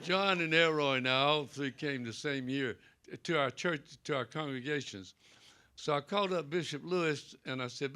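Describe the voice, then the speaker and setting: Here the older Presbyterian pastor with a Southern accent has a slightly high, sharp-toned voice. Seated on a panel in a library event room, he shares homespun anecdotes and acts out what people said.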